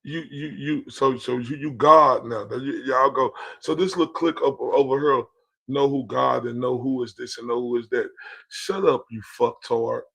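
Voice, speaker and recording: A man's voice: medium pitch, fairly even intonation, normal speed, vocal fry, a bit bright. A man from Texas, livestreaming a profane, confrontational reaction rant. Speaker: streamer reacting to clips.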